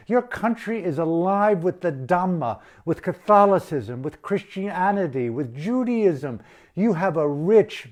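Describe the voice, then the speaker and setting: Male activist, slightly high voice, furious profane rant to camera. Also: darkish tone. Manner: blunt, profane, outraged. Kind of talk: impassioned political rant.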